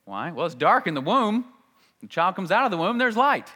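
Male pastor, sermon, bright and forceful, chatty, lots of rhetorical questions; long hall reverb. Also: high-pitched, very animated, normal speed. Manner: conversational, asks the room rhetorical questions.

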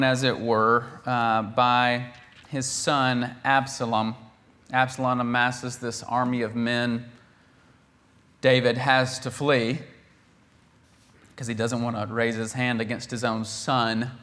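Male preacher, mid pitch, casual sermon delivery, animated retelling with loud emphatic bursts. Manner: animated, acts out the quoted characters with bursts of volume; conversational, with laughs and restarts.

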